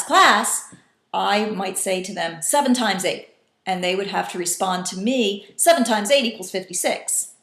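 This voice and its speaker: A woman teacher explaining a classroom technique to other teachers in a patient, instructional way, now and then acting out calls in different voices. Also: medium pitch. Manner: patient, demonstrating call-and-response in varied voices. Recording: echoey room.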